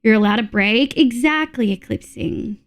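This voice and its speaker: A woman's voice: fairly high pitch, normal speed. An Australian woman chatting on a live stream, giggly and talkative as she reads her chat aloud.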